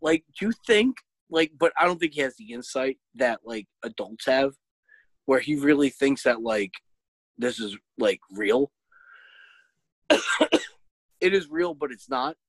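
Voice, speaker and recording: A man's voice: mid-range voice, measured pace, long pauses, no room sound, low-quality recording. A man chatting casually, telling an exasperated, profane story as a parent. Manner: shouts when quoting himself. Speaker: podcast host, parent. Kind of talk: casual chat.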